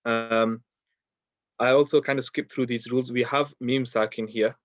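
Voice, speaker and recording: In an online lesson, a man teaches Quran recitation rules, explaining in a relaxed, easy way with many ums and modelling the sounds himself. His voice is medium-pitched at a moderate pace, with no echo, soft background music, and a dull, lo-fi, dry recording.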